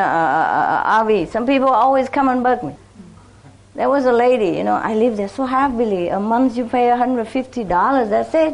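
High-voiced woman telling a lively story. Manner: animated, acts out neighbors in high voices, laughs often. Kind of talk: casual storytelling monologue.

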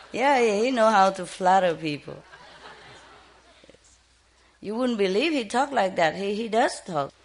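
A woman's voice: sits low, sing-song, moderate pace, a little hiss or hum. A woman who rescues birds, talking tenderly and coaxingly to a parrot in simple, broken English while telling viewers about it. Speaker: bird rescuer. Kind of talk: casual talk to a parrot and viewers.

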